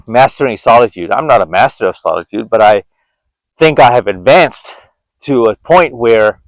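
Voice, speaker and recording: Man in his forties, earnest and reflective, middle pitch, dry close sound, walk-and-talk vlog. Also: no echo, poor audio. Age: 40s. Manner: earnest, reflective, with frequent restarts. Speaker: vlogger. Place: outdoors on a walk.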